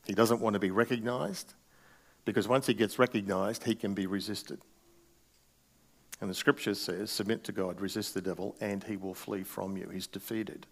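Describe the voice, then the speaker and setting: A man's voice: on the low side, fairly even intonation, normal speed. A middle-aged male pastor preaching a sermon in a conversational way, with wry asides.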